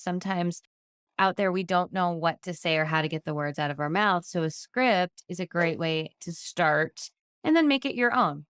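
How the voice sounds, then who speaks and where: Low-voiced woman giving a candid training talk. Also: fairly bright tone, clear, resonant tone, no room sound, clean studio sound. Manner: conversational, candid, practical. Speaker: insurance agency trainer.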